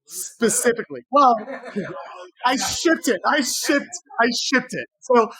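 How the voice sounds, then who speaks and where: A woman co-hosting a podcast, telling a story with animated, sweary acted-out quotes. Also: a little high, slow pace, breathy edge. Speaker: podcast co-host. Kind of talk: casual chat, storytelling.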